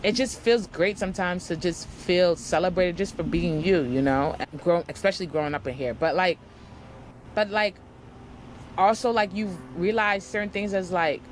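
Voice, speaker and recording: Animated young woman telling travel stories. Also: fairly low pitch, moderate pace, slight background noise. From United States. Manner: animated storyteller, acts out quotes, says "like" often. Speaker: guest. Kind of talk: casual chat.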